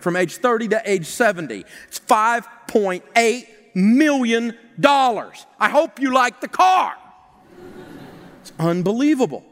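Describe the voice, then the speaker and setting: A man giving a live financial seminar to an audience, animated and mocking, firing off rhetorical questions. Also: high-pitched. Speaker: financial seminar speaker and radio host. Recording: long reverb of a large hall.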